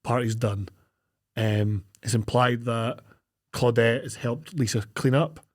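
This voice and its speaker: A man's voice: mid-range voice, fairly even intonation, slow pace. A man co-hosting a podcast, recapping a film in casual chat, swearing freely and laughing through his acted-out quotes. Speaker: podcast co-host.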